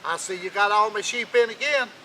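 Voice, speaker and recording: A man voicing a stingy, bossy old male king who barks his words in a raised, high voice. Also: brisk, a little hiss or hum, poor audio. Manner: loud, barking, high-pitched.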